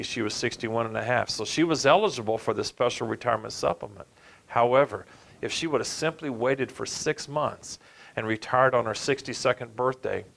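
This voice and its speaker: A man working as a retirement benefits advisor, telling a case study as a lively story and addressing listeners as folks. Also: medium pitch, gravelly. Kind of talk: storytelling presentation.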